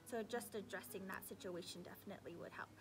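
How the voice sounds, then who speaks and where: A woman's voice: medium pitch, fast talker. A young woman, a sixth-grade teacher, talking casually to camera with advice and acting out her students' voices. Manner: animated, acts out her students' voices, drops into asides.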